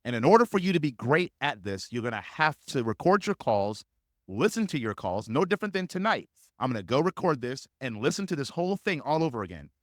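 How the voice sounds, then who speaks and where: A man's voice: mid-range voice, big pitch swings, brisk, no room sound, clean studio sound. A man teaching sales as a coach in a live webinar, speaking emphatically and repeating key phrases to drive points home.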